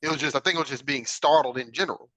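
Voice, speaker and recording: Speaking rapid-fire in a fairly high, slightly bright voice, this podcast host, an adult father, tells a personal story with earnest reflection and frequent "right?" check-ins. The recording is rough, with no room sound.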